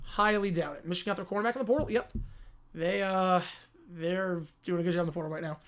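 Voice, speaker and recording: A man's voice: high voice, fast, a bit bright, smooth. Man hosting a casual sports livestream. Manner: offhand, reads viewer messages and answers them. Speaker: livestream host. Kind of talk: casual live reaction chat.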